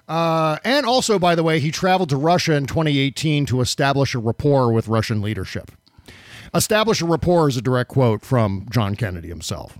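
A man's voice: medium pitch, expressive, brisk, no room sound. A man hosting a political podcast, sarcastic and profane, on a close studio mic. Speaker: podcast host. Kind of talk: casual political commentary.

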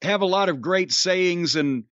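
Male podcast host, high voice, profane and wisecracking, dry muffled recording. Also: a little slow, a bit bright, no room sound. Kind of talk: casual podcast talk. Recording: dry, dull lo-fi sound.

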